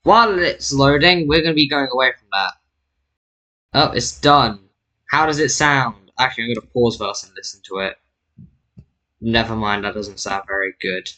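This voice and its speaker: A man's voice: medium pitch, moderate pace, pushed and bright, poor audio. A man casually narrating a map-drawing video, rambling and correcting himself with jokey asides. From Britain. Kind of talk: casual narration over screen recording.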